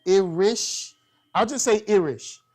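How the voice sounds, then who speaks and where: A man co-hosting a casual fan review show, easygoing and quick to laugh as he reads viewer comments. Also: fairly high pitch. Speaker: co-host reading viewer comments.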